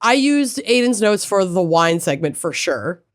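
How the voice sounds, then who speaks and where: Slow, lively-voiced woman podcast co-host. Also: mid-range voice, no room sound, studio quality. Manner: playful, jokey, self-deprecating. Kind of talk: casual chat.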